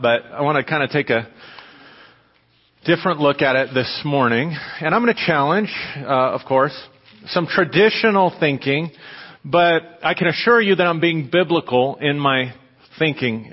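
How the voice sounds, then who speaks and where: A man's voice: on the high side, husky. A man in his thirties preaching a sermon, telling a family story in a conversational, storytelling way with frequent restarts before reading scripture. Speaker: pastor. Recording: dull lo-fi audio with long hall reverb.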